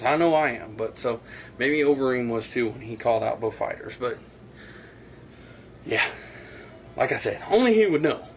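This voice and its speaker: A man's voice: mid-range voice, a little hiss or hum. A man hosting his own casual opinion vlog, rambling and blunt, with frequent filler phrases. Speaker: online show host.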